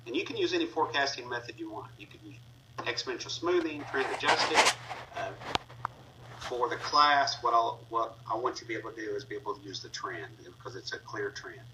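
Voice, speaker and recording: A man's voice: mid-range voice, lively intonation, a little fast. A man teaching a class, talking through each step of a screen-recorded spreadsheet tutorial with frequent fillers as he clicks along. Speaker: instructor. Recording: distant mic with faint noise.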